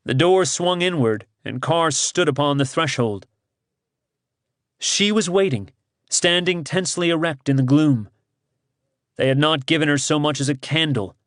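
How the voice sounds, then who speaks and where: A male audiobook narrator tells the tale at an unhurried, deliberate pace. His delivery is measured and dramatic, recorded close and dry with no room around it. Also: fairly high pitch, no echo. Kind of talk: scripted narration.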